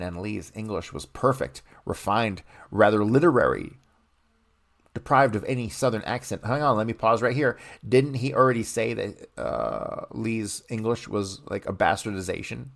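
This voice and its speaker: A man's voice: lowish voice, creaky. A man reading a book aloud on a podcast, stopping now and then to comment bluntly.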